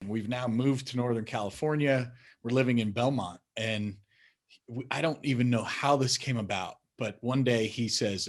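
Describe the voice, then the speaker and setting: A man's voice: mid-range voice, normal speed. A man in a documentary interview, telling a family story and acting out his children's voices. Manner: animated, acts out his kids' voices.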